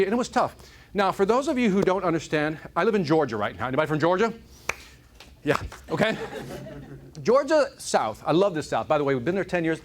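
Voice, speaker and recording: In a conference room, a Chicago-born man gives a live keynote, telling comic stories to the crowd in a high, animated voice at a brisk pace. There's a little hiss or hum on the recording, and he stays energetic and playful, repeatedly tossing out "right?"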